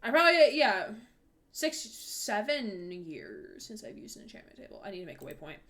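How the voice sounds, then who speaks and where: A woman's voice: medium pitch, sing-song, moderate pace, fairly bright tone. A woman hosting a live game stream, chatting casually and rambling with many fillers and self-corrections. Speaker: streamer host. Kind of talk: casual chat while playing a game live.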